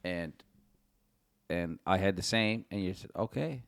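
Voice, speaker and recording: A man's voice: low-pitched, steady tone, a little slow, a bit bright, smooth, no echo. A man talking as a podcast guest, earnest and encouraging, repeating his points for emphasis. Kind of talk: casual conversation.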